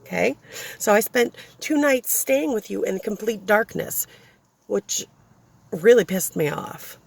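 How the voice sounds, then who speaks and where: A young woman vents into a shaky handheld phone from inside her car, blunt, profane and thoroughly fed up. Her voice is gravelly with a husky, rough edge. She talks in a loose, unscripted way, like someone ranting to her followers. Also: mid-range voice, animated, a little slow. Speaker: vlogger, single mother. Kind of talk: casual venting vlog.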